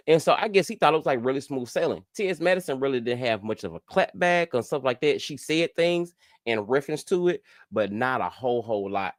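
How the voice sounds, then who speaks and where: A man's voice: fast talker, dry recording, clean studio sound. Chatty man hosting a live stream. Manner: animated, chatty, jumps high in pitch when outraged. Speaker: host. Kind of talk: casual live-stream commentary.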